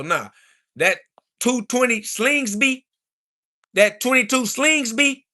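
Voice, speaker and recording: A man, ranting loudly and profanely at his livestream chat, mocking and trash talking into a phone. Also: high voice. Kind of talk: angry livestream rant.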